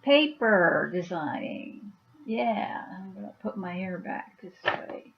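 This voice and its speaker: Woman, casual vlog, unhurried, rambling, slightly muffled lo-fi sound. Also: medium pitch, expressive, creaky, very noisy. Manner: chatty, rambling, with fillers. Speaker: YouTuber and author. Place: at home.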